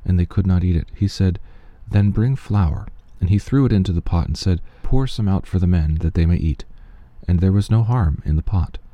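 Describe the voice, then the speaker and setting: A man giving a steady, measured reading of scripture, with quoted speech only lightly voiced. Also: sits low, no room sound, muffled recording. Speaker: scripture reader.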